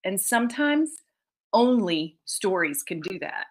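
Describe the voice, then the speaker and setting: A woman's voice: medium pitch, big pitch swings, unhurried. A woman children's author giving a conference talk over a video call, reading readers' letters, tearful and laughing often.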